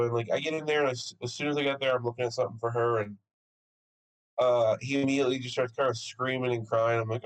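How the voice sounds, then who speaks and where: Talking a little fast in a mid-range voice, a young podcast co-host narrates a story through casual, animated chat where he swears and laughs often. The audio is poor.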